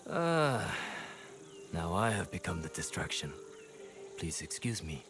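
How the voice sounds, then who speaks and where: An actor playing a proud, calculating male warlord in a video game, speaking in measured, lofty lines. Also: low-pitched, big pitch swings, over music. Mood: cool.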